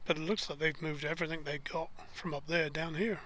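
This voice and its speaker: Male livestream host, bright and a touch high, easy running commentary on air traffic. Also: fairly even intonation, brisk. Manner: chatty, narrating planes as they arrive. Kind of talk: live commentary.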